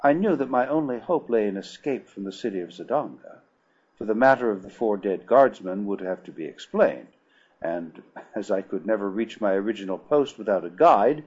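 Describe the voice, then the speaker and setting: A man narrating a first-person adventure novel with a formal, steady delivery. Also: on the low side, breathy edge, highs cut off. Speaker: audiobook narrator.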